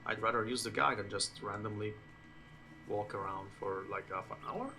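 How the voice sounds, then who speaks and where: A man's voice: on the low side, steady tone, moderate pace, sharp tone, a little hiss or hum. A man whose first language is Italian, streaming a game and chatting casually in English in a rambling way. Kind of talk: casual gameplay commentary.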